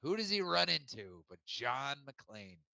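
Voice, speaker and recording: A man co-hosting a podcast, chatting casually and excitedly about a movie. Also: medium pitch, measured pace, gravelly, no echo, highs cut off. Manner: animated, quotes movie lines. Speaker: podcast co-host.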